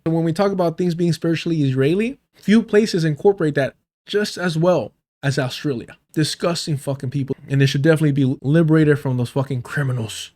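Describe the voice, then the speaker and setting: A man's voice: fairly high pitch, brisk. A man hosting a live stream, ranting in profane, mocking commentary while reacting to a debate clip. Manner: profane, mocking, animated rants to chat. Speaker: streamer host reviewing a debate.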